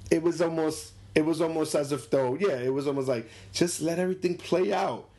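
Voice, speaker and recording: A man's voice: on the high side, fairly quick, warm tone. A man chatting casually about movies, laughing often and acting out characters in a raised voice. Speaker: movie discussion co-host. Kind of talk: casual chat.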